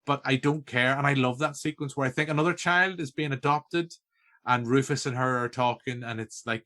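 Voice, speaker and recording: A man's voice: mid-range voice, brisk, sharp tone. A man with a Northern Irish accent hosting a casual film-review podcast, talking enthusiastically in a rambling way with many restarts. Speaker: podcast host.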